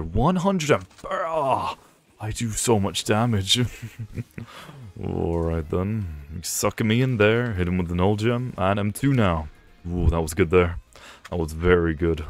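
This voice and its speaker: A young man with a very low voice talks through his game matches in a casual, playful way. He teases his opponents and chuckles often as he plays. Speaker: gaming video creator. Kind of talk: casual gameplay commentary.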